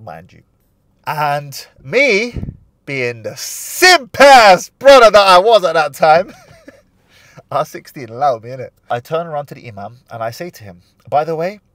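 A man's voice: mid-range voice, no room sound. A man hosts a relationship advice vlog, his voice rising and falling a lot as he jokes and acts out snippets of dialogue. It is close-miked and dry, with almost no room sound. He sounds like he is in his thirties. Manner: animated, playful, slangy, acts out quoted voices. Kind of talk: casual advice vlog with storytelling.

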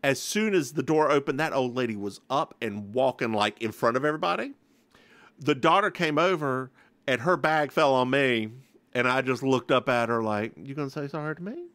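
Male podcast co-host, mid-pitched and expressive, dry close-miked sound. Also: moderate pace, dry recording. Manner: animated, acts out quotes, sassy. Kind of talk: casual chat, storytelling.

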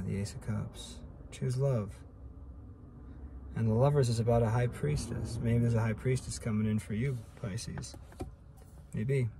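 With a lowish voice marked by vocal fry, this man muses through a relaxed daily tarot reading, talking to spirit about each card he draws. A little hiss or hum sits under the recording.

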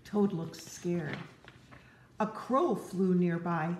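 An older woman reading a children's chapter book aloud, with gentle, chatty asides to young listeners. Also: mid-range voice, lively intonation, slow pace. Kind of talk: read-aloud storytelling for kids. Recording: roomy echo.

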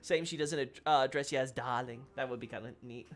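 A man with a medium-pitched voice talks briskly as he streams a game, with faint music in the background. He's chatty, addressing his viewers casually as he plays, in typical let's-play commentary.

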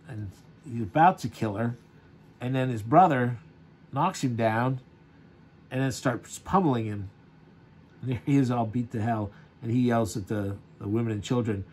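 A man's voice: mid-range voice, moderate pace, long pauses, darkish tone, breathy edge. Rambling man reviewing a comic. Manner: rambling, chuckling, frequent fillers.

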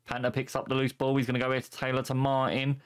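A man's voice: medium pitch, fast, clear, resonant tone. A young man commentating a football management game on stream in a playful way, chuckling often and cracking puns. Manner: chuckling, punning, excitable.

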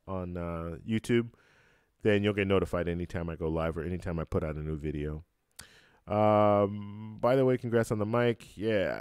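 A man hosting a travel live stream, casually chatting and answering comments, relaxed and halting with lots of fillers, close to his mic at home. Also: lowish voice, clean tone, dry recording. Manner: relaxed, halting, many fillers and restarts, laughs easily. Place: home room with a computer fan. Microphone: close-up microphone.

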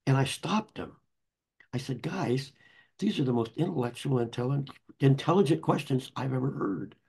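A man's voice: medium pitch, normal speed, creaky, a little mellow, slightly rough. An older man, an author, telling anecdotes in a rambling conversational way with many restarts. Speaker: author and guest. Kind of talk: conversational storytelling.

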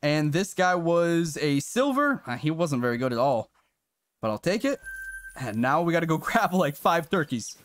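Male streamer, casual live commentary, excitable with some swearing, high-ish animated voice. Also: moderate pace. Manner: excitable, swears, chats to viewers. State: briefly out of breath. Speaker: game streamer.

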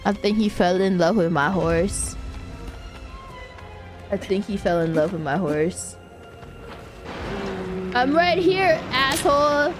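A woman streamer talking casually over gameplay, often laughing and yelling at the game. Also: on the low side, fairly even intonation, a little slow, pauses often, over music.

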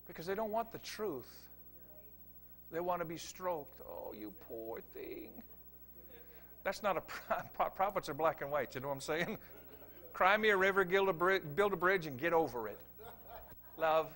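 High-voiced, fiery preacher man. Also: normal speed. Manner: emphatic, swings from quiet asides to loud preaching. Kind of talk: revival sermon.

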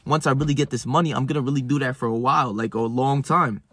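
A man's voice: medium pitch, fast, a bit bright, slightly rough, no echo. A young man giving a blunt, profane motivational talk, full of "right?" and restarts. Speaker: self-help vlogger. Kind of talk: casual motivational monologue to camera.

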